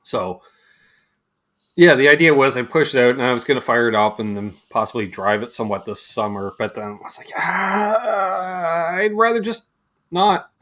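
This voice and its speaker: A man's voice: mid-range voice, brisk. A Canadian man hosting a casual livestream chat, telling joking stories. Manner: joking, animated storytelling. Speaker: host.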